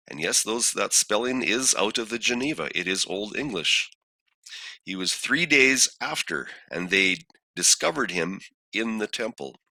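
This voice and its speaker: A man teaching a scripture study lesson, posing questions and reading verses aloud in a deliberate way. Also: on the low side, expressive, pushed and bright, dry recording. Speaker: bible teacher.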